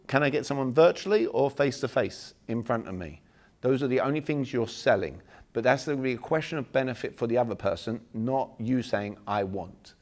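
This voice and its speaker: A man, leading a live workshop and acting out sample messages for the audience. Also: medium pitch. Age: 40s. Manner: animated, acts out sample messages, jokes with the room. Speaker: workshop speaker. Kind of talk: live seminar talk to an audience.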